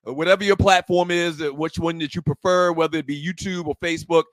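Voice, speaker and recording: A man co-hosting a casual talk show, lively and emphatic in quick banter. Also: a little high, no echo. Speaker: co-host.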